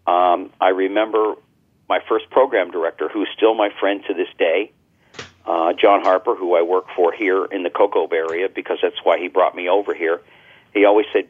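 An older man who hosts talk radio, chatting through anecdotes and often restarting his sentences. His voice sits on the low side. The whole thing comes through a thin, phone-like line. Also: steady tone, moderate pace, breathy edge. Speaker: talk radio host and guest. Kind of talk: casual interview storytelling.

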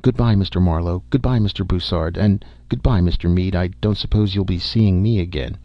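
A man's voice: sits low, a little fast, dry recording. A man voicing a nervous, hesitant old man who is afraid of enclosed spaces, on a dull, dry recording. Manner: hesitant, grateful. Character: nervous old male claustrophobic settler.

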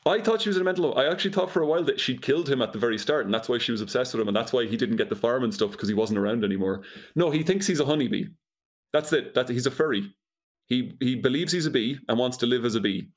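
A man's voice: mid-range voice, lively intonation, fast. A man chatting casually, dryly and incredulously retelling a film's plot, often laughing. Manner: dry, incredulous storytelling with laughs. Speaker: podcast co-host recapping a movie. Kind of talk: casual comedic chat.

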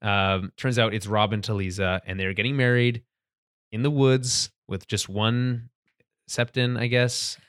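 Recorded dry with studio quality, this male co-host has a fairly low, clear, resonant, somewhat bright voice with fairly even intonation. Speaking a little slowly, he recaps a TV episode in casual conversation, frequently laughing and starting sentences over.

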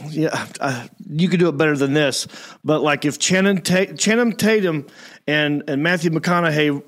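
A man's voice: fairly high pitch, moderate pace, a bit bright. A man hosting a casual interview, easygoing and laughing along with short reactions. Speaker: host.

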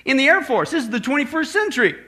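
Guy doing a bossy impatient general in a joke, pretty high voice. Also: big pitch swings, fast talker, pushed and bright, exaggerated voice. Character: gruff older male Air Force general.

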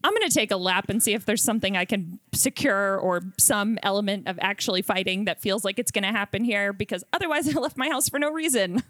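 A woman improvising an exasperated, no-nonsense adventurer in a comedy scene, dry and halting. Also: mid-range voice, fairly bright tone, dry recording, natural voice. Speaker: treasure hunting partner.

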